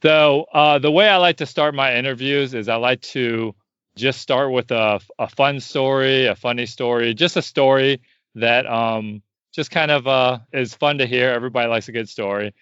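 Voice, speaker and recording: A man's voice: mid-range voice, normal speed, fairly bright tone, clean tone, no echo, lo-fi sound. A man hosting a podcast, introducing and chatting with a guest in a friendly, loose way. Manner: friendly, lots of fillers and restarts. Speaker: podcast host. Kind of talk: casual interview.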